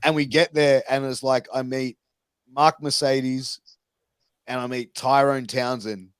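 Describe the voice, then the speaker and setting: A man's voice: mid-range voice, steady tone, measured pace, clear, resonant tone, no echo. A man, hosting a podcast and telling a long, sweary, rambling story. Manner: swearing, rambling anecdotes with acted quotes. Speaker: podcast host. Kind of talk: casual storytelling.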